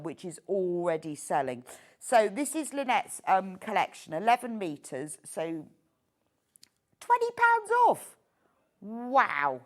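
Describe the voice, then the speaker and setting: A woman presenting on a live shopping channel, her voice swooping high and low with eager delight. She gushes over each item and laughs easily, keeping the pitch lively from phrase to phrase. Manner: gushing, enthusiastic, laughs easily.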